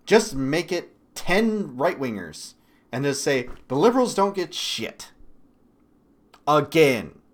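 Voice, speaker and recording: A man from Michigan hosting a political commentary livestream. He talks bluntly and swears often, with sudden loud bursts between quieter asides. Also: a little high. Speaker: livestream host.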